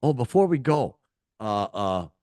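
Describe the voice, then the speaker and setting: A man's voice: mid-range voice, big pitch swings, measured pace, a little mellow, no room sound, clean studio sound. An older man, co-hosting a casual rock chat show, rambling and joking with many fillers. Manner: rambling, jokey, lots of fillers. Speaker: podcast co-host.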